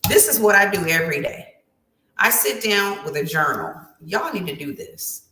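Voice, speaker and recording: A woman's voice: mid-range voice, expressive, moderate pace, pushed and bright, roomy sound. A woman writing coach giving an emphatic, preachy motivational talk with lots of repetition.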